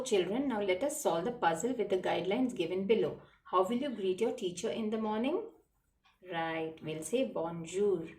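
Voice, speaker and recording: A woman's voice: mid-range voice, a little mellow, recorded from a distance. A woman teaching children a lesson in a patient classroom manner, repeating words and spelling them letter by letter. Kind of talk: slow classroom lesson explaining French words. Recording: roomy echo, voice from away from the mic.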